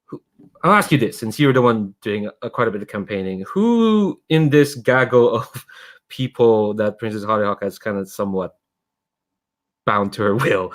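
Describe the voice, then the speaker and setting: A man running a tabletop game as game master, rambling casually and often laughing. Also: lowish voice.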